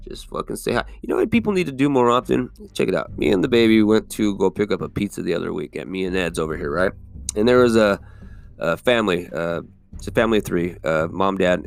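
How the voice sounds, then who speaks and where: A man's voice: sits low, gravelly. A man hosting a solo podcast, talking casually in a rambling, profane, conversational way with lots of fillers. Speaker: podcast host. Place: California.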